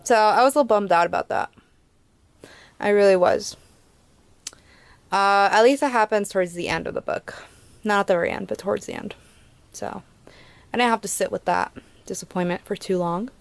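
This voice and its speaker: A woman's voice: mid-range voice, normal speed, creaky, long pauses, clean tone, no echo. A young woman casually reviewing a book in a chatty, rambling way, with fillers and little laughs.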